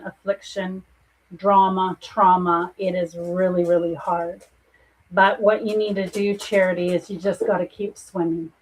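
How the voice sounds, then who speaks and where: A woman's voice: lowish voice, darkish tone, slightly rough, rough recording. A middle-aged woman, a psychic medium, giving earnest and reassuring spiritual readings to viewers in a soothing way.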